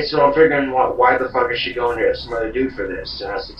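A man's voice: medium pitch, animated, quick pace, hardly any pauses. A man telling a rambling, profane comedic story. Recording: dull, roomy, distant, faint hiss.

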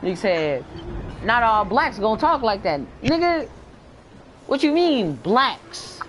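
A woman chatting while she plays a game. She is loud and teasing, stretches her words, and her pitch jumps around a lot. Game sounds run clearly behind her voice. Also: big pitch swings, a little slow, a little hiss or hum. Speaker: gamer. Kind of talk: casual gaming banter.

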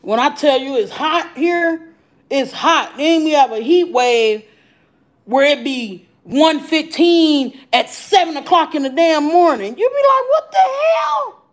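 Loud profane woman streamer. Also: sits high, takes it slowly, poor audio. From Arizona. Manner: loud, profane, animated, reading and answering chat comments. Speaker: livestream mukbang host. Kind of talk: casual live-stream chat. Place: home.

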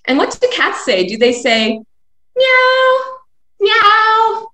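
A woman, a children's librarian, leading a live video session for kids with animated chants, songs and movement games. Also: a little high, moderate pace. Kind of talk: kids' story and activity time. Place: home, live video stream. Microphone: video call. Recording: echoey room.

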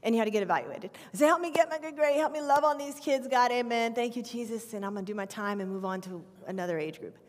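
Animated woman preaching in a reverberant church. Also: on the high side, quick pace, hardly any pauses. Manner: animated storytelling with acted prayers. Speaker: children's pastor. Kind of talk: sermon testimony. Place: church sanctuary. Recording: long reverb of a church hall.

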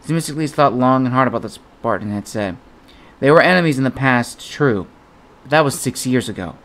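Guy reading an adventure audiobook, steady storyteller voice. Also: medium pitch, fairly quick. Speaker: audiobook narrator. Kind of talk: audiobook narration.

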